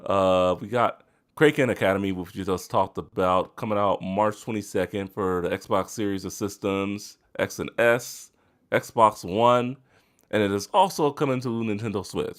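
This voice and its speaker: A man's voice: low-pitched, unhurried. A man hosting a gaming podcast, casually running through release dates with frequent fillers and laughs. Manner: laid-back, reads release list with fillers. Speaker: podcast host. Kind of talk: casual chat.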